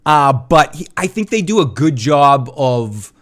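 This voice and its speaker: Animated Boston man hosting commentary. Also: on the high side, a little slow. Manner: animated, swearing, restarts. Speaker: podcast host. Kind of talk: live commentary chat.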